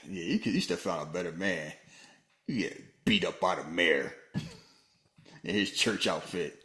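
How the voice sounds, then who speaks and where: A man co-hosting a casual movie-review podcast, joking and animated, often slipping into mock voices. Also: moderate pace, echoey room. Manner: animated, jokey, slips into high-pitched mock voices. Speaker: podcast co-host.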